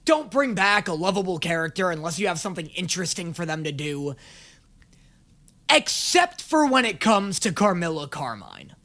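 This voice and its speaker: A young man hosting a comedic reaction video, ranting sarcastically and breaking into sudden shouts. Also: high voice. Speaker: YouTube reaction host.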